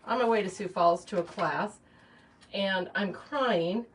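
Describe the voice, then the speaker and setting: A middle-aged woman who owns a shop hosts a live chat while arranging flowers, rambling casually with plenty of fillers and asides. Her voice is medium-pitched and her pace measured. She's indoors in a small shop or home workspace, picked up by a distant mic with faint background noise.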